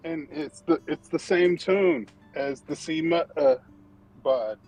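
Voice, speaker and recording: Male tabletop player, slightly higher voice, joking and halting. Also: darkish tone, soft background music, rough recording. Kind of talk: casual chat at a tabletop game.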